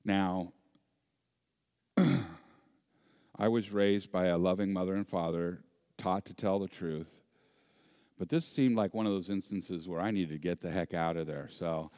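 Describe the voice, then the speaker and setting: A man with a low voice preaching a sermon. He tells personal stories in an animated way, with self-deprecating humor. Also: measured pace, long pauses, clean tone, no echo, clean studio sound. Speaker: pastor.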